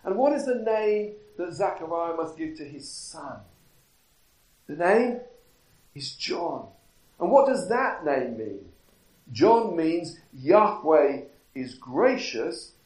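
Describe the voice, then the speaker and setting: A man preaching a sermon in a church, deliberate and full of rhetorical questions. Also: fairly high pitch, very animated, darkish tone. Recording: echoey, from a distance.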